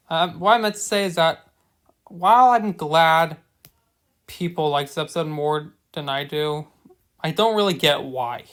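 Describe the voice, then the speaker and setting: A young man with a voice on the high side reviews a show episode in a rant at a measured pace. He stammers and restarts often, swinging between loud outbursts and quiet mumbling.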